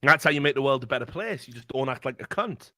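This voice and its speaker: A man holds forth on a podcast in long, rambling runs, swearing freely and leaning hard on his points. His voice sits at a middling pitch. The recording is close and dry, with no room sound. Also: animated, fast talker, bright, forceful tone, no echo. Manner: rambling, profane, emphatic. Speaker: podcast co-host. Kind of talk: casual podcast chat.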